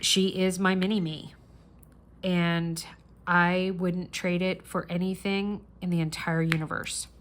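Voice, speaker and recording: A woman's voice: fairly low pitch, flat delivery, slow, a little hiss or hum. A middle-aged woman hosting a crafting channel, chatting casually and earnestly while she works on a diamond painting.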